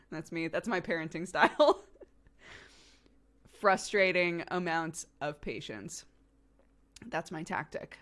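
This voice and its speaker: A woman's voice: fairly low pitch, slow pace, pauses often, a bit bright. A young woman streamer telling a story in casual chat, laughing often and acting out the quotes. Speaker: streamer and host.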